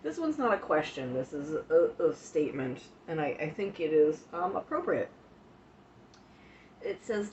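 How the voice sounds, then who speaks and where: A woman streamer chatting casually with her viewers, emotional and tearful at times, talking in slow, halting bits with many pauses. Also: on the low side, sing-song, darkish tone. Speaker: live streamer. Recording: dull lo-fi stream audio with faint hiss.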